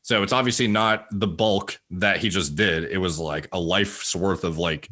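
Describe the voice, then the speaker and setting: A man with a low voice and a forceful, bright edge, chatting as a podcast guest. He talks loosely, circling through fillers and restarts as he explains. His stays light and close to American. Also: moderate pace. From Canada. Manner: rambling, with many filler likes and restarts. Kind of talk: casual conversation.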